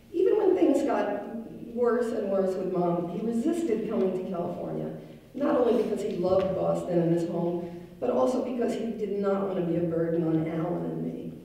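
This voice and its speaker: A middle-aged woman giving a wry, gently humorous memorial tribute to her late father. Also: medium pitch. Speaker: daughter giving a eulogy. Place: large synagogue hall. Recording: echoey hall, mic far off.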